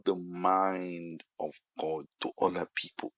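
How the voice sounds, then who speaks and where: Deep slow-speaking Nigerian preacher man. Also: dry recording, poor audio. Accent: Nigerian English. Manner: repetitive, emphatic, builds to loud peaks. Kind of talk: sermon-style monologue.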